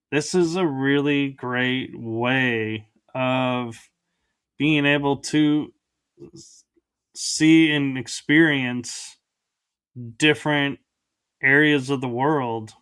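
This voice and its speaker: Male host on a video call, smooth and clear, slow and halting delivery. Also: medium pitch, fairly bright tone. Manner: hesitant, unhurried. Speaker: show host. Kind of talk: casual video-call interview.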